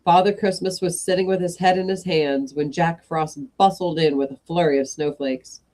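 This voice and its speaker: A woman with a mellow, lowish voice reads stories aloud to a live chat during an evening stream, speaking at a normal speed with fairly even intonation. She chats with viewers between passages and adds apologetic asides.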